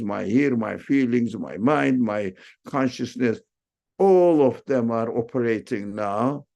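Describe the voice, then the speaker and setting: Slow, gravelly-voiced man lecturing. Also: medium pitch, dark tone. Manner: reflective, repeats and rephrases words, frequent fillers. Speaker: Islamic teacher. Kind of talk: unscripted religious lecture.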